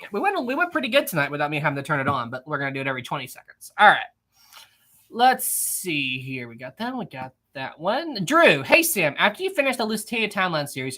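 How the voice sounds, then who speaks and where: Guy doing a chill live stream, reads chat out loud, bright voice, keeps laughing and repeating stuff. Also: high-pitched. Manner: laughs often, repeats phrases. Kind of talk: casual live stream chat, reading viewer messages.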